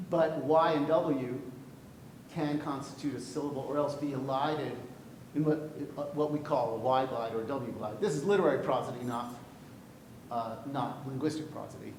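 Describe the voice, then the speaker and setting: A man teaching a class on poetry, lively and jokey, putting questions to his students. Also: moderate pace. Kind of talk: classroom lecture on verse. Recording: echoey room with light rumble.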